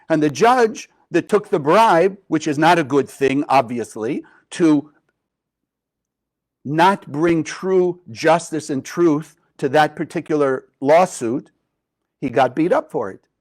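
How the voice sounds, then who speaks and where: A man giving a spiritual lesson and telling a story to his listeners. He talks conversationally and engagingly, often turning to ask them questions. His voice sits a little higher than most men's. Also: darkish tone. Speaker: spiritual teacher.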